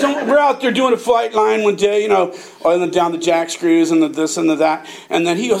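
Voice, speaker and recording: A man's voice: a little high, fairly quick, gravelly, darkish tone. An older man telling a rambling, profane story in casual chat, often laughing as he talks. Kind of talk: casual anecdote.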